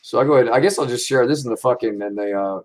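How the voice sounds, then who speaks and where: A man hosting a casual livestream, talking in a rambling, excitable way full of swearing. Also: medium pitch, very fast. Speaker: livestream host.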